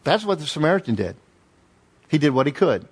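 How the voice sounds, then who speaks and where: A man preaching a sermon as pastor, telling stories with lively emphasis and repeated phrases. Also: a little high, a little fast, husky. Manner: animated storytelling with emphatic repetition.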